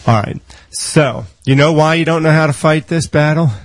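A man preaching a sermon, telling stories with lively quoted voices and rattling off scripture quickly. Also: fairly high pitch, no room sound, rough recording. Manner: animated storytelling, acting out quoted voices.

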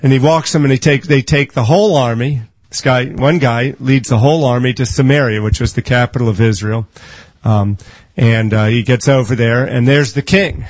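A man delivering a sermon in a conversational, storytelling way, acting out the voices of people in his stories. He speeds through memorized scripture passages. His voice is of middle pitch and sounds dry, with little room echo. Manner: quotes scripture in quick bursts. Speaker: preacher.

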